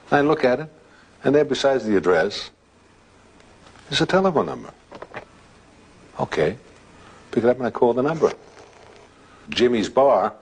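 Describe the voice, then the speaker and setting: A man telling a ghost anecdote in a relaxed, halting way, with restarts and filler sounds. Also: mid-range voice, husky. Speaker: guest telling a story. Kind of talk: anecdotal storytelling.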